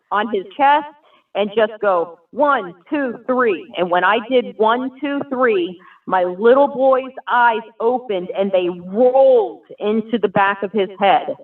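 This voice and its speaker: A woman tells her personal story in an earnest, vivid way, the words pouring out with feeling. Her voice comes through thin and tinny, as on a phone line, and sits far from the microphone. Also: fairly high pitch. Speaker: guest sharing a personal testimony. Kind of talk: emotional personal testimony.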